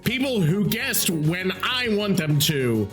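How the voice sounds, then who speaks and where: Ranting, high-voiced male podcast host. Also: sing-song, slow, a bit bright, faint music behind. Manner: exasperated, profane, ranting. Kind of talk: solo podcast rant.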